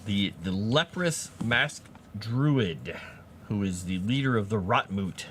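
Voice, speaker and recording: A man chatting casually with his live-stream audience while writing fantasy lore, animated and quick to laugh. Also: lowish voice, slight background noise. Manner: animated, chatty, laughs often, talks to chat.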